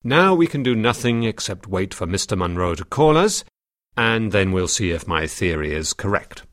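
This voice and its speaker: A man as a calm, reasoning detective. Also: fairly low pitch, no room sound, studio quality. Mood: explaining. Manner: measured, explanatory. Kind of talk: audiobook drama.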